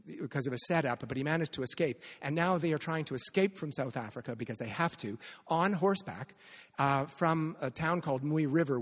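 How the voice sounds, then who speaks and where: Speaking at a literary reading, this man from Canada, a novelist, keeps restarting and filling pauses as he talks. The festival venue leaves a long reverb tail on his fairly high voice.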